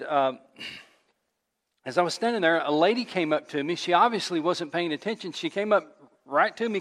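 A man preaching as a pastor, telling a funny story with animated delivery before his sermon. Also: fairly high pitch. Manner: animated storyteller who laughs at his own tale. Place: church sanctuary. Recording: long church reverb.

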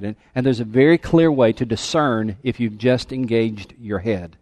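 A man's voice: medium pitch, moderate pace, few pauses, darkish tone, no room sound. A male pastor preaching a sermon with emphasis, calling out questions to his congregation. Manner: emphatic, calls for congregation response. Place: church sanctuary.

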